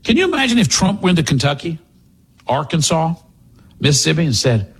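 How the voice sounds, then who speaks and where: Man, talk radio host, sarcastic, mocking, high voice. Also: big pitch swings, fairly quick, long pauses, slightly rough. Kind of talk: political talk radio monologue.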